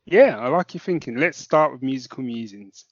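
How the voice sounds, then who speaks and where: A man's voice: mid-range voice, lively intonation, normal speed, no echo, lo-fi sound. Laid-back man podcast co-host, dry sound. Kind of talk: casual chat.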